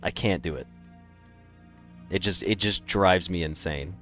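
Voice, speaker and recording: A man's voice: low-pitched, unhurried, a bit bright, soft background music. A man streaming a game, chatting casually and rambling through opinionated takes. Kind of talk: casual live-stream chat.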